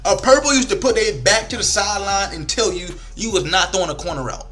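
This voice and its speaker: With a high voice and a quick pace, a young man delivers casual commentary over a football video game. He is frustrated and animated, cursing often and shifting from rants to storytelling, using African American Vernacular English speech patterns. Faint music sits behind him.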